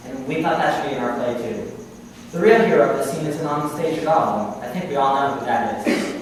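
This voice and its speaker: An actor on stage playing a folksy small-town minister who narrates the play and talks straight to the audience. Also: male voice, on the high side, slight background noise, close to an everyday voice. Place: theatre stage. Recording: echoey hall taped from far off.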